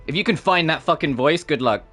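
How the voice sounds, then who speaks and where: A man's voice: a little high, expressive, brisk, fairly bright tone, soft background music. A man in his twenties from Britain with a faint British accent, rambling and swearing as a streamer in casual chat. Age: 20s.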